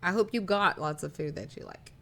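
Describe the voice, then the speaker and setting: A woman's voice: lowish voice, a little fast. A woman live streaming, chatting casually and rambling, reading viewer messages aloud as she talks.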